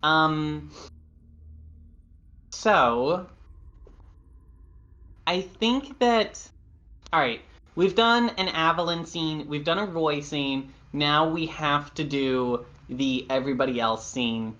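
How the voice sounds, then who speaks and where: A man's voice: a little high, slow pace, pauses often, sharp tone. A man narrating a tabletop role-playing game as game master, rambling with fillers and laughing at himself. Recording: dull lo-fi audio.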